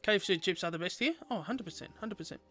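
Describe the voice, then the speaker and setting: Young male streamer, playful and chatty, high lively voice. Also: quick pace, faint music behind. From Australia. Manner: chatty, playful, talks to viewers. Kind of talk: casual gameplay livestream chat.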